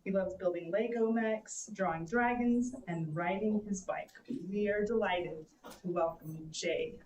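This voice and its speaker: A woman's voice: medium pitch, a little slow, noisy background. A woman emcee at a library storytelling evening, reading short prepared introductions of each teller. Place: library event room. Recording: roomy echo, distant mic.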